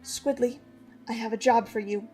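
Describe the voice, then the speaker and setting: A cold young princess gives orders in a low, hushed, flat voice, as a woman plays her. She sounds calm and commanding. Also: moderate pace, faint music behind, lightly acted.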